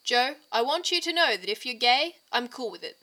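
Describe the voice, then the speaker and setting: A woman voicing an excitable young man who teases and wheedles his friends. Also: fairly high pitch, normal speed. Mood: playful. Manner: eager, teasing, wheedling.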